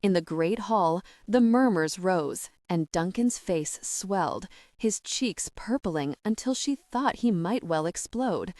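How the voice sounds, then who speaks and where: A woman with a low, even voice reads a historical romance aloud in measured, dramatic storytelling. The close studio sound is dry, with no room around it. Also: no echo. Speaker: audiobook narrator. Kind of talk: scripted narration.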